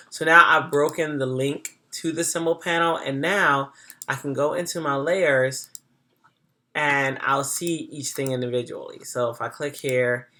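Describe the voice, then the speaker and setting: Bright gravelly voice, teacher chatting through a software demo, thinking out loud and fixing stuff as they go. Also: mid-range voice. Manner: thinks aloud, chatty, self-correcting. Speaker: design instructor. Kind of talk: casual screen-recorded software tutorial.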